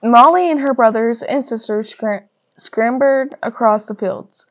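Young woman, storybook reader, lively and gentle, muffled lo-fi sound. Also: on the high side, a little slow. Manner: lively storybook reading with gentle character voices. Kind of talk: reading a picture book aloud. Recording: dull lo-fi recording.

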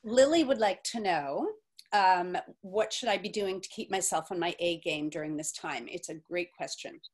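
A woman's voice: lowish voice, normal speed, husky. A woman moderating an online info session, reading out questions and giving frank, practical advice in a chatty way.

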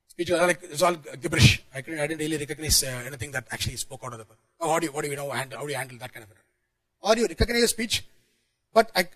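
A man giving a technical conference talk, talking quickly with frequent restarts and fillers. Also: a little high, a bit bright, poor audio. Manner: rapid, many restarts and fillers. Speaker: conference speaker.

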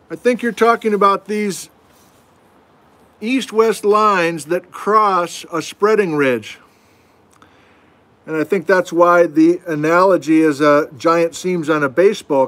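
A man's voice: on the high side, a bit bright. A middle-aged man teaching geology in a casual livestream from home, answering viewer questions with folksy, self-deprecating asides. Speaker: geology instructor hosting a livestream. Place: at home, indoors.

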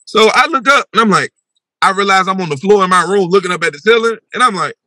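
A young man telling a wild personal story on a podcast, animated and full of slang, acting out his own voice with big swings in pitch. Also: fast, no echo. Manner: slangy, repeats "bro" and "yo".

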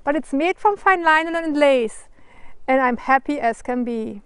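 A woman from Germany with a German accent, reading her picture book aloud in a gentle, careful way, trying out Cree words. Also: high voice, animated, measured pace, dry recording. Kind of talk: storybook reading.

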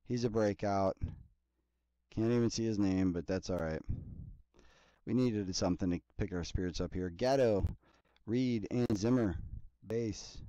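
Low, mellow-voiced man reading off card pulls. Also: unhurried, pauses often, dry recording, dull audio. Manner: rattles off player names in a steady list, with chatty asides. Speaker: card break host. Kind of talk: casual running commentary while opening card packs.

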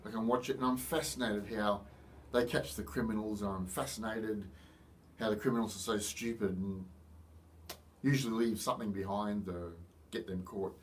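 A man's voice: fairly low pitch, steady tone, normal speed, slight background noise. Easygoing Australian man, slightly distant mic. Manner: rambling, chatty, self-mocking humour. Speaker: vlogger. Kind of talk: casual talk to camera. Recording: voice a bit far from the mic.

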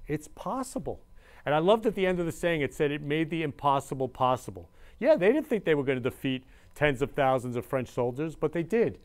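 A male show host with a smooth, resonant voice and a slightly high pitch. He talks casually and emotionally, repeating himself with gushing warmth toward his viewers. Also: expressive, a little fast, hardly any pauses. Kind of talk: casual live-stream talk.

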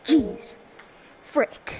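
A woman giving casual gameplay commentary, excitable and trash-talking with frequent exclamations. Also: very slow, slight background noise. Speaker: gamer.

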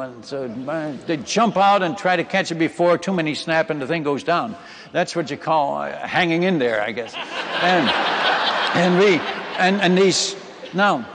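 A man's voice: a little high, a bit bright. A man from the Netherlands, a missionary preacher telling a dramatic testimony in a sermon and speaking directly to his listeners. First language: Dutch. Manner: emphatic, dramatic retelling that addresses the audience as friends and folks. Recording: reverberant hall.

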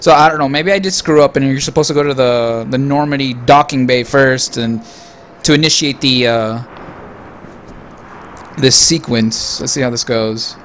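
A man's voice: mid-range voice, moderate pace, a bit bright, slight background noise. A young man giving profane, mocking commentary over a video game he is playing. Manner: crude, mocking asides to the game. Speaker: gameplay commentator. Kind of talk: profane let's-play commentary.

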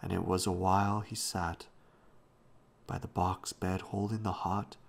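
Low gravelly male bedtime reader. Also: level tone. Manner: slow, hushed reading. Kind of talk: bedtime story reading. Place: home.

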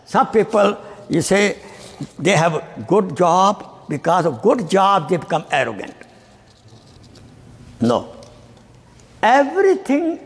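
Preacher guy, fired-up sermon, keeps asking the crowd questions, pitch jumping all over. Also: big-room sound. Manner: emphatic, rhetorical questions to the audience. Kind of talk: Friday sermon. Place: mosque hall.

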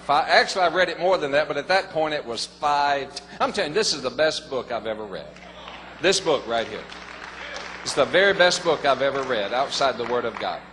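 An older man, telling his conversion story to a congregation in a folksy, earnest way, often rising to excited emphasis. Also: mid-range voice, a little fast, a crowd in the background. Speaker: former pastor giving a testimony. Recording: long hall reverb, faint noise.

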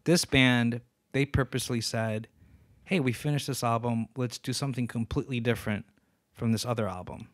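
A man's voice: medium pitch, fairly even intonation, moderate pace, dry recording, studio quality. A man co-hosting a podcast, chatting casually and eagerly explaining music to his friend. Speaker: podcast co-host. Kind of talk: casual chat.

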